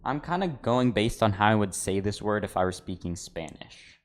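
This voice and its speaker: Low-voiced man chatting while he cooks. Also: animated, normal speed. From United States. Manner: rambling, chatty, says "dude" often; talks to chat while cooking. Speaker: cooking livestreamer. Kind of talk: casual livestream chat.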